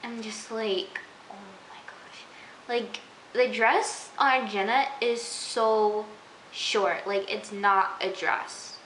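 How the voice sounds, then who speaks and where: A woman's voice: mid-range voice, fairly even intonation, takes it slowly, a bit bright. Chatty young woman recapping a show. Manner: chatty, giggly, full of "like" and "you know". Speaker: TV episode reviewer. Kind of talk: casual recap vlog. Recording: echoey room with faint hiss.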